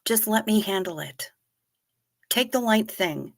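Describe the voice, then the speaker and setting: A middle-aged woman hosting a livestream, chatting casually, reading viewer comments and telling stories in an animated, direct way. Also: mid-range voice, unhurried, gravelly, dry recording. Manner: animated storyteller, talks straight to viewers. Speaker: livestream host.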